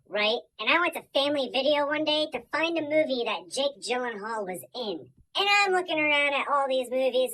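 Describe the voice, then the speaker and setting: A woman doing a comic storytime monologue, animated, swinging between loud bursts and soft asides. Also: sits high, low-quality recording. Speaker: comedian.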